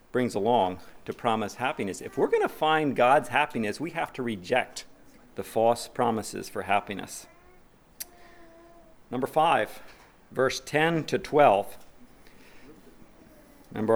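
A male pastor preaches in a mid-range voice, moving between plain conversational asides and raised, emphatic scripture reading. He puts questions to the congregation and answers them himself. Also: medium pitch. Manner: preaching, reads scripture aloud with rising emphasis. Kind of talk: sermon.

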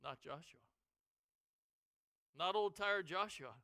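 Male preacher, very high bright voice, smooth and crisp, dramatic sermon delivery, dry headset sound. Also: takes it slowly, no room sound. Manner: dramatic, swings from quiet to shouting. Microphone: headset mic.

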